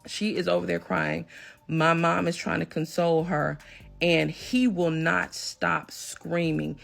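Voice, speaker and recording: A woman telling a personal story in an emphatic, animated storytime manner. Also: sits low, unhurried, creaky, faint music behind. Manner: emphatic, animated when retelling a confrontation. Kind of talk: storytime recounting a personal drama.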